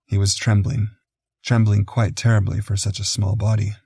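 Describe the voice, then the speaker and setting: Low gravelly male audiobook narrator. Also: flat delivery, moderate pace, mellow, no room sound, clean studio sound. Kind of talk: first-person audiobook narration.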